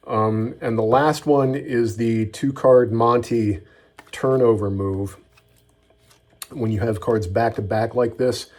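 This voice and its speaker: A man's voice: fairly low pitch, warm tone. Middle-aged guy, easygoing magic tutorial voice, folksy and chill. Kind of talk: storytelling patter then tutorial.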